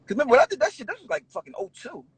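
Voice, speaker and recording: A rapper in a casual interview tells stories at a very fast clip, his voice pitched extremely high, swearing and laughing along the way. He's animated throughout. The audio is poor, though there's no echo.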